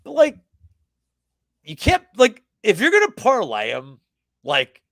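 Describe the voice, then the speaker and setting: A man in his thirties ranting on a livestream, loud and boastful, swearing freely. His pitch swings widely from low grumbles to high outbursts, with a gravelly edge. The sound is close and dry. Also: slow, dry recording. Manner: animated, profane, boastful rants. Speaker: sports betting guest. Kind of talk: casual livestream chat.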